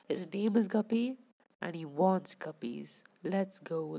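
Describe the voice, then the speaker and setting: Woman gaming commentator, mellow dark tone, unhurried and chatty. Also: on the low side, expressive, gravelly. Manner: chatty, talks to viewers and to the fish on screen. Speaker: gameplay commentator. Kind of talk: casual gameplay commentary.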